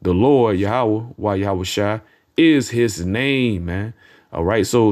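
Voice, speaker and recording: A street preacher, his voice on the low side and a little mellow, preaches informally from scripture in a blunt, profane way. Verses get read slowly with emphasis, while "man" and "you know what I'm saying" keep getting tagged onto his lines.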